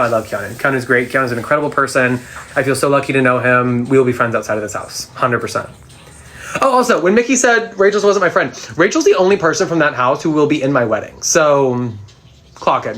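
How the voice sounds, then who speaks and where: A man's voice: mid-range voice, a bit bright. A young man at home, chatting sassily into his phone as he answers fan questions on a live stream. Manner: chatty and sassy, quick comebacks. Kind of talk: casual live Q&A chat. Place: at home, sitting on the floor.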